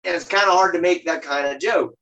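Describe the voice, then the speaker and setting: A podcast co-host in casual chat, blunt and profane, with short agreeing replies between longer takes. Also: female voice, on the low side, quick pace, fairly bright tone, muffled recording.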